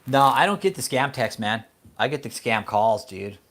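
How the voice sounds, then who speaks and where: A man's voice: medium pitch, very animated, normal speed, fairly bright tone. A man hosting his own channel, ranting casually, swearing often and laughing a lot between rambling remarks. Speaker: channel host. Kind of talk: casual vlog rant.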